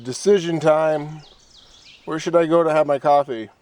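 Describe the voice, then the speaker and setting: A man's voice: fairly high pitch, fairly even intonation, moderate pace, a little mellow. A man vlogging his solo hike in a casual, playful, rambling way, talking outdoors by a lake into a handheld camera. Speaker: solo hiker filming his trip. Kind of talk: casual trail vlog.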